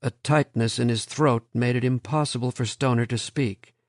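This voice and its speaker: A man narrating an audiobook in a measured, steady reading. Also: medium pitch, no room sound, studio quality.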